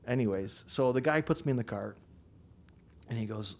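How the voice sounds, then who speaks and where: A man's voice: mid-range voice, moderate pace, a little mellow, a little hiss or hum. A man, a contractor on a podcast, telling a wild story in a casual way, swearing freely and laughing as he goes.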